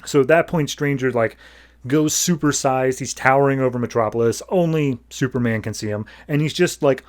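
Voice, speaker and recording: A man co-hosting a podcast, loosely recapping a comic issue in a chatty, filler-heavy way with quick paraphrased character asides. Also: mid-range voice. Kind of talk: casual comic-book recap.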